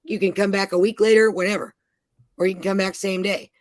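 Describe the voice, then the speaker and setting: A woman's voice: mid-range voice, little pitch movement, brisk, no echo. Foul-mouthed woman telling road-trip stories. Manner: profane, rambling storyteller. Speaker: parent telling travel stories. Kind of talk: casual chat.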